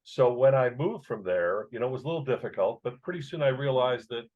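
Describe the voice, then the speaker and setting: A man's voice: medium pitch, brisk, darkish tone. A man in his sixties, raised in Chicago, telling a childhood story as an author in an interview, emotional and vivid. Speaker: author and guest. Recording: dull lo-fi sound.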